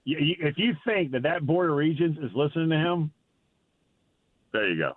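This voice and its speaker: A man's voice: fairly high pitch, very animated, normal speed, dry recording. A man, a college football reporter calling into a sports radio show, talking in an emphatic, folksy way and often repeating words as he goes. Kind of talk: casual sports radio chat. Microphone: phone line. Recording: phone-line call-in audio.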